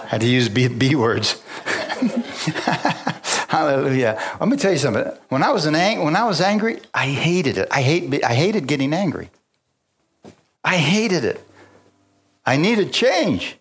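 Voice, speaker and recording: A man preaching to his congregation with a somewhat high voice. He peppers scripture with hallelujahs and call-outs, chuckles through his own stories, and drops from loud exclamations to quiet asides. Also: sing-song, unhurried, long pauses. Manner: chuckles often while telling personal stories. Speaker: pastor. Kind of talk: sermon.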